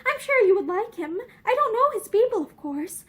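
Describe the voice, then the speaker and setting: A woman's voice: very high-pitched, very animated, normal speed, pitched above the performer's own voice. A woman reading aloud and voicing an earnest, sensitive young woman who speaks eagerly and a little tremulously. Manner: eager, slightly tremulous speech.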